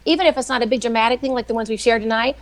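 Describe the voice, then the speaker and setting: A middle-aged woman, a weekly guest who writes devotionals, telling faith stories in a chatty, animated way. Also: on the high side, rapid-fire. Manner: chatty, animated, acts out quoted voices. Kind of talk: casual faith storytelling on a live show.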